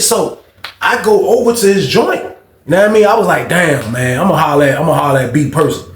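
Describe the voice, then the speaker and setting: A man with a high voice tells a story in a casual, animated way, full of street slang. He acts out the people he is talking about. The recording carries a roomy echo. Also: brisk.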